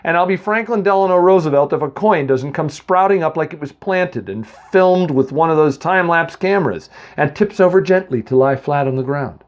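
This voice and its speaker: A man acting out a pint-sized male leprechaun with a tinny voice and a mob boss's swagger. He snaps out sarcastic put-downs and orders with a bouncy, lively pitch. The recording is dull and lo-fi. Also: moderate pace, hardly any pauses, close to an everyday voice. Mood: menacing. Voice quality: tinny, small voice. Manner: snappy, sarcastic, bossy.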